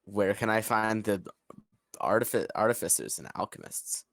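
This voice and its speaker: A man playing in a tabletop game, asking quick casual questions. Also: lowish voice, animated, vocal fry, no echo, studio quality. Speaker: player.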